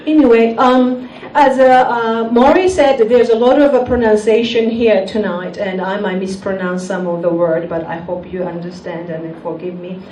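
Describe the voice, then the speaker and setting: A woman from Japan with a Japanese accent, doing a stand-up comedy set in a deadpan manner with slightly broken English. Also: mid-range voice, normal speed, few pauses. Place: comedy club stage. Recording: echoey venue mic heard from a distance, audience noise. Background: audience laughter.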